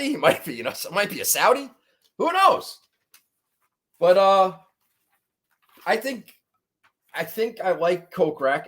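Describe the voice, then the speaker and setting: High-voiced profane golf-picks man. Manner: profane, rambling, self-mocking. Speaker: golf betting podcast host. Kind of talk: casual chat.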